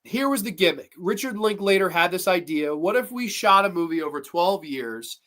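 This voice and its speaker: A woman's voice: fairly low pitch, big pitch swings, normal speed, fairly bright tone. A woman hosting a movie review show, ranting bluntly and with lots of swearing about a film she dislikes. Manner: profane, blunt, exasperated. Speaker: movie review podcast host.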